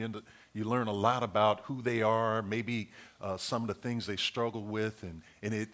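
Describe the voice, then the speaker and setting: A man's voice: medium pitch, a bit bright. Middle-aged man, sermon, earnest, repeats each point, plain mid-range voice. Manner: earnest, repeats key points, numbered list. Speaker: preacher.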